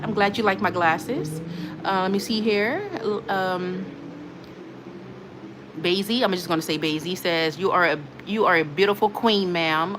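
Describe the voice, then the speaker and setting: Late at night, a woman livestreams in a relaxed, mid-pitched voice, talking directly to viewers while reading out their comments. She's animated and emotional, laughs a lot, and repeats herself, veering between gushing and waving off trolls. Faint hiss runs beneath the recording.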